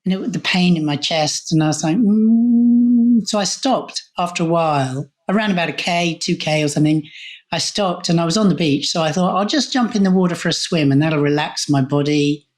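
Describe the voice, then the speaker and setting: A man's voice: fairly high pitch, a little fast. A male coach, a guest on an interview show, telling a candid personal story and voicing his own past thoughts aloud. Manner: animated retelling with quoted inner thoughts.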